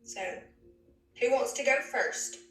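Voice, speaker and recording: A woman's voice: on the high side, slow pace, pushed and bright, soft background music. A woman, a therapist leading an online group session in an encouraging, coaxing way. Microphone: video call. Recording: roomy, distant, faint hiss.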